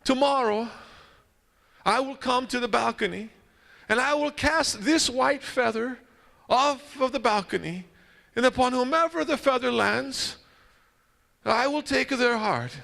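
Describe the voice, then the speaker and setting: A man's voice: very high voice, a little slow, creaky, pauses often, long reverb tail, pitched above the performer's own voice, heavily acted. A man playing a frail, tender old pope. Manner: gentle solemn proclamation.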